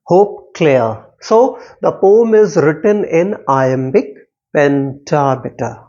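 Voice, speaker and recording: A man explains a poem to students at a very slow, careful pace, saying key words again and again. He sounds out each syllable to show where the stress falls. The recording is dull and lo-fi. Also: fairly high pitch, expressive, mellow. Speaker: English literature teacher. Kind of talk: poetry lesson explanation.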